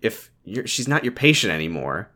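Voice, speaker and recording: A man co-hosting a podcast, bantering casually and acting out characters' lines in quick retellings. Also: fairly low pitch, very animated, pushed and bright. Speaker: podcast co-host. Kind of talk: casual recap chat.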